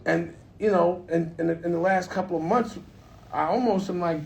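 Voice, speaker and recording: Slangy laid-back guy chatting in a studio, kinda high voice, echoey and far from the mic. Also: normal speed, creaky, darkish tone. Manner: laid-back slangy talk, trails off and restarts. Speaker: studio owner talking business. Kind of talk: casual studio conversation. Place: studio room. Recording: roomy sound from off-mic, faint noise.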